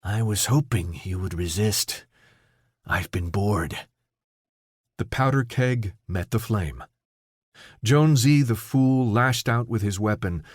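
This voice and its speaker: A man reading an audiobook in a steady, measured storytelling voice, recorded on a close studio mic. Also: on the low side, no echo. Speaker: audiobook narrator. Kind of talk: scripted audiobook narration.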